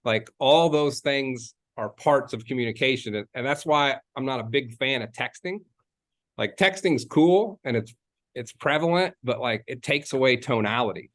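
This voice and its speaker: A man's voice: medium pitch, normal speed, fairly bright tone. A man, a real estate agent, giving a casual coaching talk, rambling and chatty with many fillers and restarts, repeating key phrases for emphasis.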